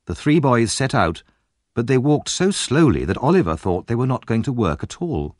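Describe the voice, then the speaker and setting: A man's voice: mid-range voice, big pitch swings, normal speed, a little mellow, no room sound, clean studio sound. A man reading a classic novel aloud as an audiobook narrator, telling the story expressively and dramatically. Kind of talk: scripted narration.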